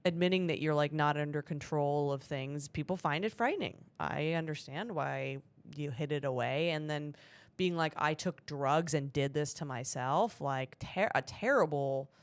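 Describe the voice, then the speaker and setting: A woman comedian co-hosting a casual, joking podcast chat with quick tangents. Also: sits low, clean tone.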